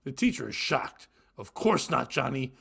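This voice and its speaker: A man's voice: medium pitch, sing-song, moderate pace, creaky, fairly bright tone, breathy edge. A man co-hosting a crude comedy podcast, reading joke after joke and breaking into cackling laughs. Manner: cackling laughs, reads jokes aloud. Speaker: podcast co-host.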